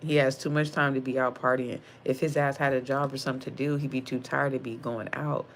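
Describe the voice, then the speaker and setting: A woman's voice: rumbling low, little pitch movement, fairly quick, a little hiss or hum. A young woman giving a casual tarot reading, blunt and slangy with lots of profanity, calling the viewer sis. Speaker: tarot card reader.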